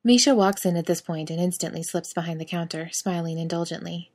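A woman's voice: fairly low pitch, steady tone, fairly quick, a little mellow. A woman narrating a scripted story in a wry, sardonic manner.

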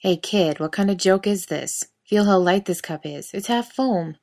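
A woman's voice: mid-range voice, moderate pace, a little mellow, close to an everyday voice. A woman voicing a rude demanding male customer. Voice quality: gruff, snapping.

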